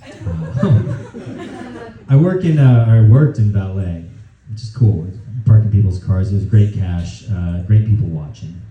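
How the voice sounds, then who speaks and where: A man's voice: sits low, expressive, a little slow, a little hiss or hum. A young man doing a stand-up set, telling a story in a loose, rowdy way, often laughing mid-line, on a club stage with a handheld mic. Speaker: stand-up comedian. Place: comedy club stage, live audience. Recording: roomy, distant, dull club recording.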